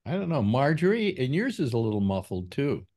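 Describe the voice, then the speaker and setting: A man's voice: medium pitch, very animated, a little fast, a little mellow. Rambling male talk show host. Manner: rambling, with many fillers and restarts. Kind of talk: casual panel chat.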